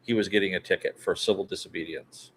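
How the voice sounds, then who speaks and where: A man's voice: sits low, fairly even intonation, fast talker, a bit bright, slightly rough. A man guesting on a live talk show, chatting casually and teasing the host playfully. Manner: teasing, playful, apologetic jokester.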